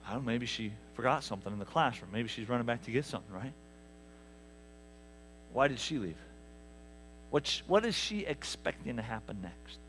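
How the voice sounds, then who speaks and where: A man preaching a sermon, telling stories with lively asides to the congregation. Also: medium pitch, slight background noise. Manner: animated storytelling with asides to the congregation. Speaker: pastor. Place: church sanctuary.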